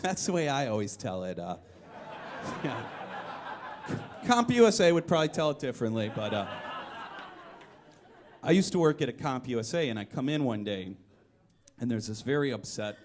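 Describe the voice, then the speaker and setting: A man performing a comedic one-man show live on stage. He tells self-deprecating stories in an animated way and builds up to loud punchlines. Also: mid-range voice. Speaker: comedic storyteller.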